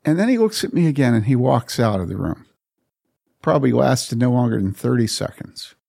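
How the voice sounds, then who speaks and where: A man's voice: mid-range voice, lively intonation, fairly quick, gravelly, mellow. A man from the Chicago area, a pastor and podcast host, telling a personal story in an earnest, emphatic way and repeating phrases for stress. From Chicago area, USA.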